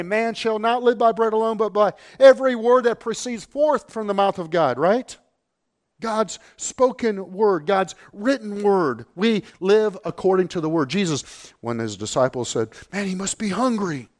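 Male preacher, slightly high pitch, emphatic delivery that swings between low and raised. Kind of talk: sermon.

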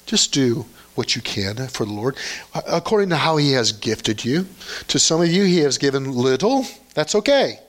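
A man's voice: medium pitch, sing-song, moderate pace. Man preaching a sermon. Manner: reads scripture then comments emphatically, rising to exhortation.

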